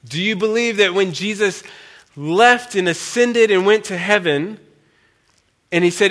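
A man's voice: high voice, measured pace, fairly bright tone. A man preaching as a guest speaker, earnest and challenging, asking his listeners many questions. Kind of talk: sermon.

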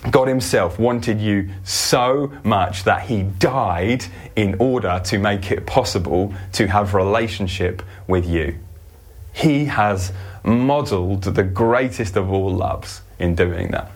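A male preacher giving a sermon in an earnest manner, slowing down to stress scripture. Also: fairly low pitch.

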